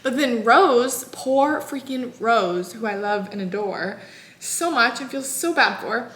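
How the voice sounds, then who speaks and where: A woman in her twenties casually recapping a novel in an animated, exasperated way, full of "like". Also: on the high side, slow, slight background noise. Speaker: book vlogger. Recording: echoey room.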